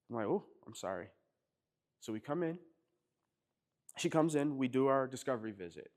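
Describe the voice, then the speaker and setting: A man's voice: mid-range voice, a little mellow. A man with an East Coast American accent, a chiropractor telling stories casually to a workshop group, chatty and often laughing as he acts out quotes. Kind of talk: casual storytelling to a live group.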